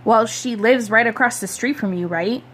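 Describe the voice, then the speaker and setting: A cocky schoolboy, voiced by a woman reader tosses off teasing lines. It is a storybook read-aloud in a fairly high voice. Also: normal speed, soft background music, lightly acted. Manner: offhand and teasing.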